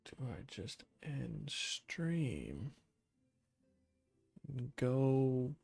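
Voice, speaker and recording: A streamer talking slowly and drowsily to themselves at the end of a late-night stream. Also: mid-range voice, big pitch swings, vocal fry, darkish tone, breathy edge, no echo, faint music behind. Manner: slow, drowsy muttering to himself.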